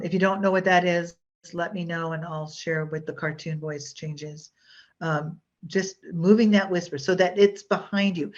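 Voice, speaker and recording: A woman presenting a hypnosis workshop in a chatty, rambling way, with many fillers and restarts. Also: fairly low pitch. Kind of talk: casual workshop teaching. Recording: dull lo-fi online workshop audio.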